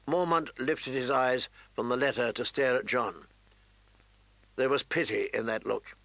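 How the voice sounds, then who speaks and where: A man narrating a fantasy audiobook in a measured, even storytelling manner. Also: medium pitch, creaky, no room sound, rough recording.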